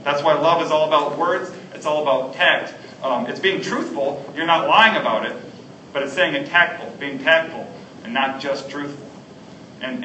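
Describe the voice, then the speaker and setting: A man's voice: on the high side, sharp tone, a little hiss or hum. A man preaching a sermon as a pastor, earnest and stumbling over restarts and fillers. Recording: echoey hall, distant mic, faint ambience.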